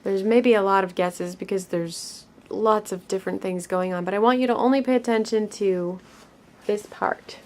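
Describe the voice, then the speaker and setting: A woman teaching a children's art lesson, speaking gently and encouragingly to young viewers as she draws. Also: medium pitch, steady tone, moderate pace.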